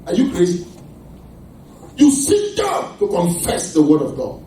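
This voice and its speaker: A man's voice: sits high, huge pitch swings, unhurried, pauses often, mellow, a little hiss or hum. A man preaching a sermon as pastor, emphatic and quizzing the congregation with questions. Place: church hall. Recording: echoey hall from far off.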